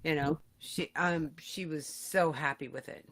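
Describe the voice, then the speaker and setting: A woman in her fifties co-hosting a podcast, telling a story in casual chat with high, loud bursts and laughter. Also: fairly even intonation, unhurried. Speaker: podcast co-host.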